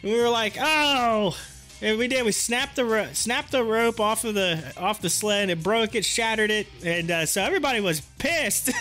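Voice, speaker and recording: A livestream host from a rural area, with a very high, bright voice, unhurriedly tells his chat a story while faint music plays behind him. He's casual and animated, laughing often and acting out what his friends said.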